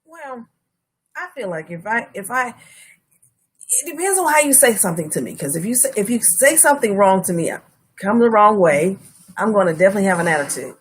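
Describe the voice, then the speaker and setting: A woman's voice: mid-range voice, expressive, fairly quick, a little hiss or hum. A woman hosting a live-stream discussion, talking in a conversational way and agreeing emphatically. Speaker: host.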